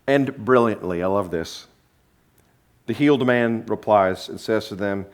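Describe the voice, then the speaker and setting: A man preaching a sermon as pastor, animated and humorous, acting out the people in his story. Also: fairly low pitch, measured pace. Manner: animated storytelling, acting out quotes with shifting voices; sarcastic, humorous asides.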